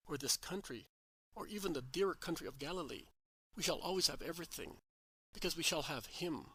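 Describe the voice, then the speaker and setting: A man voicing Joseph, a gentle, devoted middle-aged husband, speaking with calm, earnest reassurance in a devotional story reading. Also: fairly high pitch, husky, no echo, exaggerated voice, low-quality recording.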